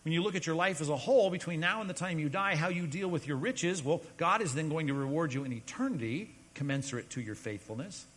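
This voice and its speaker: A pastor delivers a sermon in a slightly high, husky voice. He talks to the congregation in a conversational, emphatic way and drops abruptly to hushed low lines. A long reverb trails his words in a large hall. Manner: emphatic, conversational preaching with sudden drops to quiet.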